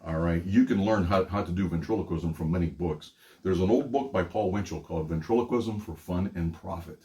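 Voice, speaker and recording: A man's voice: low-pitched, a little fast, mellow. An older man from Pittsburgh, a magician and ventriloquist, hosting a casual teaching demonstration in an upbeat, chatty way with frequent laughs. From Pittsburgh, USA.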